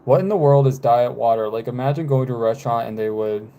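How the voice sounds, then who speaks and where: A man in his twenties, chatting casually on a live stream, rambling with frequent fillers and halting pauses. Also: mid-range voice, warm tone. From United States. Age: 20s.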